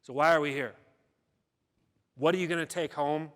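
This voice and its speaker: A man's slightly high, somewhat bright voice, with fairly even intonation and a moderate pace, carries a keynote speech. He narrates a story dramatically, acting out the people involved, while long hall reverb trails his words.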